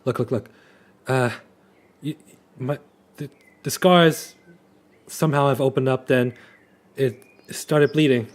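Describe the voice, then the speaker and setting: A man's voice: medium pitch, steady tone, slow, pauses often, voice pushed up, natural voice. A man voicing a nervous young man caught in a lie, stammering in a raised, anxious voice. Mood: pleading.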